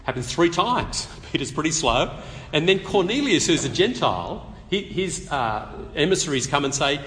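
A man preaching an expository sermon at a public meeting, conversational and animated, with touches of light humor. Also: on the high side, normal speed. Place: meeting hall. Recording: long reverb of a meeting hall.

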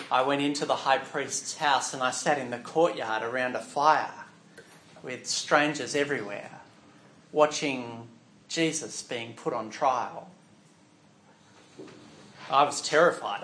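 A man telling a Bible story as a first-person dramatic monologue, going from hushed to loud. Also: mid-range voice, slight background noise. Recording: echoey room.

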